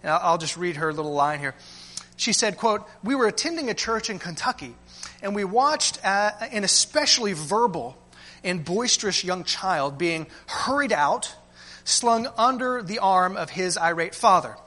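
A pastor delivers a sermon in a high voice. His tone is bright and ringing, and he leans on rhetorical questions, checking in with "right?" and addressing the listeners as friends. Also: expressive, normal speed.

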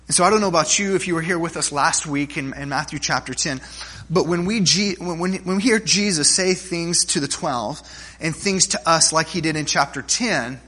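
A pastor with a somewhat high, husky voice preaches in a church. He talks casually and tells funny stories, often asking his listeners "right?" and starting phrases over as he goes. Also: moderate pace, pushed and bright. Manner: conversational, checks in with listeners with "right?"; humorous stories, frequent restarts. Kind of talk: sermon.

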